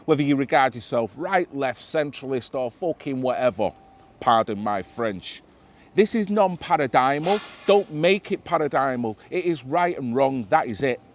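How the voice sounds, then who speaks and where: A middle-aged man ranting emphatically to camera in a vlog, swearing freely. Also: on the high side. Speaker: vlogger. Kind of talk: impassioned monologue to camera.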